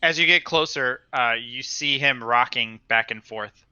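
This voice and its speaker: A man's voice: mid-range voice, unhurried, sharp tone, clean tone, dry recording, muffled recording. A man narrating as game master in a casual, hesitant way with many fillers.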